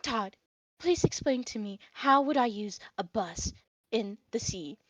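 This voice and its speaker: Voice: expressive, a little slow, fairly bright tone, no room sound. A woman voicing a silky-voiced mermaid queen. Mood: calm. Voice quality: deep, silky. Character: regal young mermaid queen.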